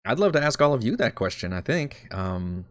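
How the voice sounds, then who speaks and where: A man's voice: medium pitch, sing-song, normal speed, dry recording, studio quality. A man preparing his tabletop game on a live stream, talking casually, rambling and correcting himself. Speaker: dungeon master.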